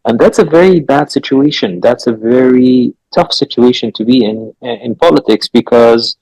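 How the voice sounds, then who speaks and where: A man's voice: medium pitch, gravelly, darkish tone, no room sound, low-quality recording. Male guest with American-tinged English. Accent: American-influenced English. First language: Arabic. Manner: halting, many fillers and restarts. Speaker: guest author. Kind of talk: radio interview.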